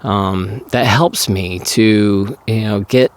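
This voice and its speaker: A man talking casually to his viewers in a rambling vlog, hoarse and losing his voice, clearing his throat often. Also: fairly low pitch, slow. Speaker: vlogger.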